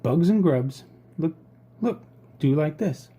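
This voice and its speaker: A cheeky storybook woodpecker bursts with glee, as a man puts him on. The voice jumps high and loud, bright with mockery yet carrying a husky grain underneath. He laughs at everything. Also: expressive, takes it slowly, highs cut off, heavily acted. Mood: gleeful. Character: cheerful mocking male woodpecker.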